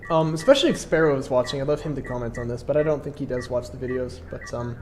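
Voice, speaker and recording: A man's voice: medium pitch, animated, fast, darkish tone, slight background noise. A congested man casually commentating his own strategy game match, explaining his moves with plenty of fillers.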